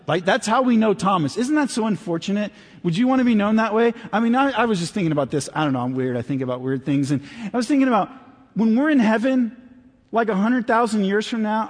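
Guy preaching in a church, kinda high voice, echoing hall, chatty then goes all quiet. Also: slightly rough. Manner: conversational, swings between animated and hushed. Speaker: pastor. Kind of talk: sermon. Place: church sanctuary. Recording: reverberant hall.

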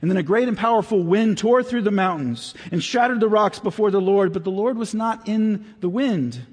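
Husky high-voiced man preaching. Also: moderate pace. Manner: conversational, swings between animated and hushed. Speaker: pastor. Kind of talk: sermon. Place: church sanctuary. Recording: reverberant hall.

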